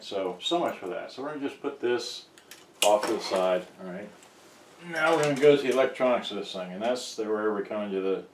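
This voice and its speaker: A man explaining a repair on camera, thinking aloud in a halting, rambling way with many restarts, recorded on a handheld camera's built-in mic. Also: medium pitch, recorded from a distance. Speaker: electronics hobbyist explaining a repair. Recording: roomy, off-mic, faint background noise.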